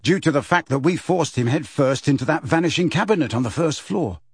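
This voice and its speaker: A man's voice: a little high, animated, brisk, breathy edge, dry recording, studio quality. A man voicing a cool, mischievous teenage boy who teases and plots pranks. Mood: teasing. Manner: cool, teasing.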